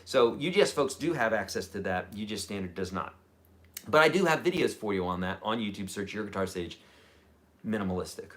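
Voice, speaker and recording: A man teaching a live-streamed guitar lesson, chatty and energetic, with lively jumps in pitch and loudness. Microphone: camera mic.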